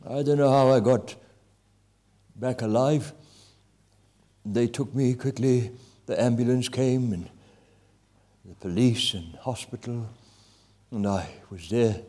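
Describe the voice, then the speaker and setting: A man preaching a testimony sermon, impassioned, with swings between loud and hushed delivery. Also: medium pitch, takes it slowly, pauses often.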